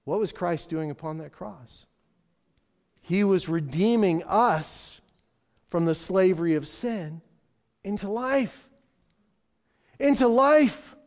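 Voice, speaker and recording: A man preaching a sermon as pastor, swinging from loud proclamations to hushed, emphatic lines. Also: fairly high pitch, slow.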